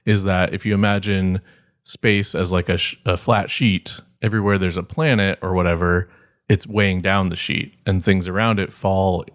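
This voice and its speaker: A man's voice: low-pitched, fairly even intonation, moderate pace, dry recording, studio quality. A man co-hosting a podcast, talking casually and rambling with many restarts and fillers. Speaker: podcast co-host. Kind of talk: casual chat.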